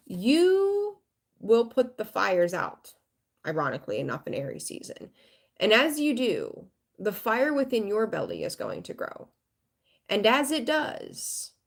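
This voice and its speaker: Blunt, gravelly-voiced woman reading tarot. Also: medium pitch. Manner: frank, rambling, swears casually, greets viewers. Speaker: tarot reader.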